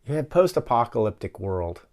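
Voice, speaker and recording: A man's voice: medium pitch, very animated, normal speed, a little mellow. A man hosting a casual movie-riffing show from his office, rambling and swearing as he rants. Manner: rambling, profane, ranting. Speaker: show host.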